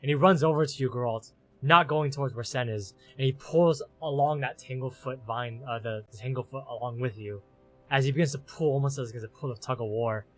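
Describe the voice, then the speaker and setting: A man at an ordinary middle pitch narrates as game master of a tabletop game. He tells the scene in long, breathless run-on sentences, stacking one "as" clause on the next. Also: brisk, a bit bright, faint music behind. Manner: run-on storytelling, strings clauses with "as".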